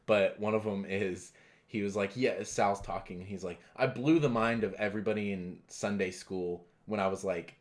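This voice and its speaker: Young man, low voice, casual podcast chat, filler-heavy storytelling. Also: moderate pace. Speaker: podcast co-host.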